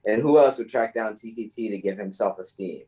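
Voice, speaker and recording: A man's voice: on the low side, fairly quick, dark tone, breathy edge, poor audio. A man co-hosting a casual podcast over a video call, playful and mock-serious. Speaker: podcast co-host. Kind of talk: casual chat.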